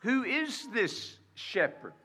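A man preaching a sermon in a slow, emphatic way, with dramatic pauses and rhetorical questions to the congregation. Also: very high voice, very animated, pushed and bright, slightly rough.

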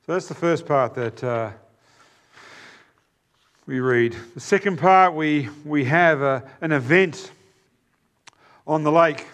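A man with a New Zealand accent and a slightly high, somewhat bright voice preaches a sermon in a conversational style. He pauses with fillers and turns to the congregation with asides.

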